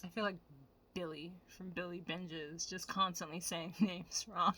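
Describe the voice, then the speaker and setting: A woman vlogger giving animated, profane, casual commentary straight to her viewers. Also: lowish voice, measured pace.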